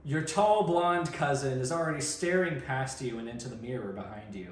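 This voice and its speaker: A man reading a storybook aloud at a mic and chatting in an animated, jokey way, laughing often. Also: medium pitch, normal speed. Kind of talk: casual reading and chat. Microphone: studio mic. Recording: roomy room with faint noise.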